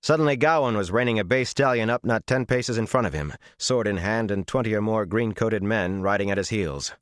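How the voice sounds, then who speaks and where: A male audiobook narrator reading a fantasy novel with measured, dramatic storytelling. His voice is very deep, and the recording is dry and close with no room sound. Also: dry recording.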